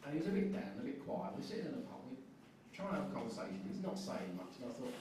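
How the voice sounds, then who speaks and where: A man's voice: mid-range voice, very animated, very fast, background noise. A man performing a sardonic stand-up comedy set in a club. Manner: sardonic, builds to shouted rants. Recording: echoey club heard from a distance.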